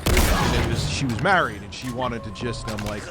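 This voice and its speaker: A man hosting a stream, telling crude stories in a blunt, animated way. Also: mid-range voice, moderate pace. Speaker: streamer and host. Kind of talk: casual profane storytelling. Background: music.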